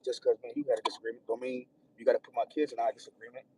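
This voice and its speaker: A man's voice: mid-range voice, little pitch movement, very fast. Distressed man venting, far from mic. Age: adult with children. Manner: rambling, repeats himself, swings between loud outbursts and hushed near-whispers. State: distressed, near tears. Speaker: livestreamer. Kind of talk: emotional personal venting. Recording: distant mic, faint room noise.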